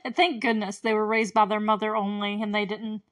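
Chatty and effusive, a woman hosts a casual solo podcast, laughing often as she recaps a show and quoting characters in brief put-on voices. Her medium-pitched voice is level, fairly quick and fairly bright, captured on a distant mic with no echo.

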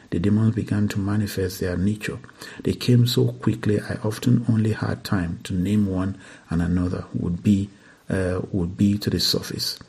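Gravelly, husky man reading aloud. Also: low-pitched, normal speed. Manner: steady, earnest reading with occasional slips. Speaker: reader. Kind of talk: reading a first-person deliverance account aloud.

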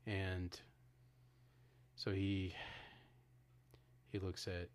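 Deep-voiced man retelling a film. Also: monotone, very slow. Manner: retells scenes with acted-out quotes, frequent restarts. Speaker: podcast co-host. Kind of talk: casual film discussion.

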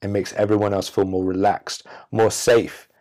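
A man hosting a self-help podcast, speaking emphatically with drawn-out pauses and a preachy tone. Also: lowish voice, little pitch movement, a little mellow. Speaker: podcast host. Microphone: audio-only recording.

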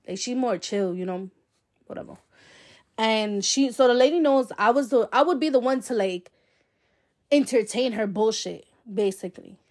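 A young adult woman hosting a podcast, telling a personal story in a blunt, profane, chatty way full of fillers. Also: a little high. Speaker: podcast host.

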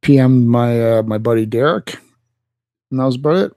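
A man co-hosting a casual podcast, talking in an offhand, deadpan way about his week. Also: mid-range voice, moderate pace, no echo. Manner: laid-back, deadpan, offhand. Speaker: podcast co-host.

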